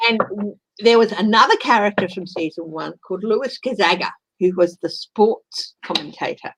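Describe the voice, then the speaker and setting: Animated chatty woman. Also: mid-range voice, moderate pace, dry recording, rough recording. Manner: animated, chatty, breaks into voices and laughter. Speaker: host. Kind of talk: casual chat.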